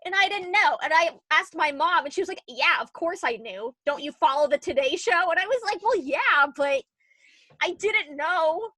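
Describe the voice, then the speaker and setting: A young woman co-hosting a podcast, chatting casually with lots of "like" and animated retellings. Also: very high voice, fairly quick, hardly any pauses, no room sound. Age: young adult. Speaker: podcast co-host. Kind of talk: casual chat.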